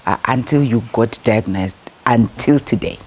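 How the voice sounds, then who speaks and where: Very low-voiced female interview host. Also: normal speed, a little hiss or hum. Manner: brief encouraging backchannels, gentle questions.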